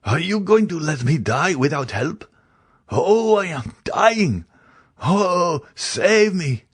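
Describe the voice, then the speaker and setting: A man's voice: lowish voice, animated, unhurried, slightly rough, no room sound, studio quality, pitched above the performer's own voice, heavily acted. A man voicing a frightened, poisoned male servant who cries out desperately in an audiobook.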